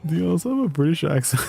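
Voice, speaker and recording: Man, game streamer, casual live chat, mellow tone, laughs a lot, playful. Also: on the high side, very animated, brisk, vocal fry, breathy edge, faint music behind. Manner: laughs often, chatty and playful.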